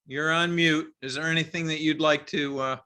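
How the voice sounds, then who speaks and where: A man's voice: a little high, steady tone, moderate pace, sharp tone. A man hosting a casual online meeting, calling on the participants one by one. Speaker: meeting host.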